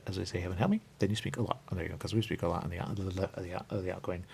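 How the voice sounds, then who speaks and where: Man, radio host, deep voice, gravelly, rambling monologue, faint hiss behind. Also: very fast, darkish tone. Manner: rambling, repeats catchphrases, jumps in pitch, chuckles.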